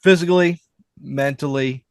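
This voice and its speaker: A man co-hosting a podcast, chatting casually with many fillers and animated asides. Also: medium pitch, normal speed, dry recording. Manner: rambling, lots of fillers, animated storytelling. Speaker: podcast co-host. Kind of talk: casual chat.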